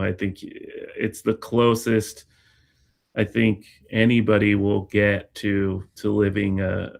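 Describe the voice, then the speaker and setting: A man chatting casually on a fan livestream, halting and full of fillers and restarts. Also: low-pitched, vocal fry. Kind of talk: casual chat.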